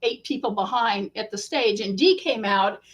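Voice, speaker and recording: A woman author, a guest in an interview, telling a story in a casual, animated way and acting out the quotes. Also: medium pitch, moderate pace.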